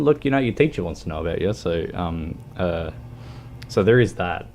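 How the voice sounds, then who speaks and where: An Australian man chatting casually with viewers while streaming a game, halting and full of ums and restarts. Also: deep voice, lively intonation, darkish tone, a little hiss or hum. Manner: hesitant, many ums and restarts. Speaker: livestreamer. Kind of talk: casual chat while gaming.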